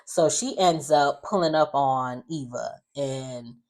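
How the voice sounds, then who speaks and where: A chatty host casually recapping the week's soap episodes. The delivery is loose and opinionated, with plenty of fillers and quick asides. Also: medium pitch, darkish tone.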